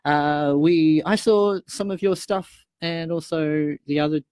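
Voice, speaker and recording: A man's voice: on the high side, unhurried, darkish tone, clean tone, dry recording. An Australian man, a guest guitarist, chatting casually and telling jokes and stories. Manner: joking, storytelling. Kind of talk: casual chat.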